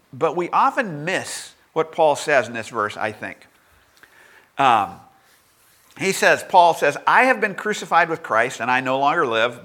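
A man's voice: mid-range voice, pushed and bright. A middle-aged male pastor preaching a sermon in a conversational way, with humorous asides.

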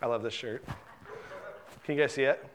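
A middle-aged man preaching a sermon in a relaxed, conversational way, often repeating words and acting out the lines he quotes. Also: mid-range voice, moderate pace, slight background noise. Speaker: pastor.

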